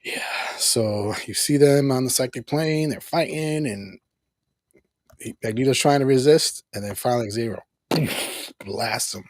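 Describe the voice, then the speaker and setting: Easygoing guy hosting a review stream, kinda husky low voice, dry close sound, laughs a lot. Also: measured pace, no room sound. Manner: easygoing, laughs often, acts out characters' lines. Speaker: host reviewing a cartoon episode. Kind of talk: casual recap chat on a live stream.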